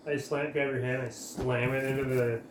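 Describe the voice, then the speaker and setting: A man's voice: mid-range voice, flat delivery, normal speed. A man playing a tabletop game, brash and jokey in his banter. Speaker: player. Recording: roomy with faint noise.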